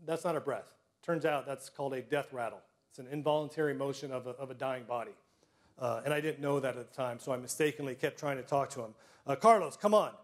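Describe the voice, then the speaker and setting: A middle-aged man telling personal stories to a live audience, self-deprecating, with comic timing and frequent throat clearing. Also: mid-range voice, steady tone, fast. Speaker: storyteller.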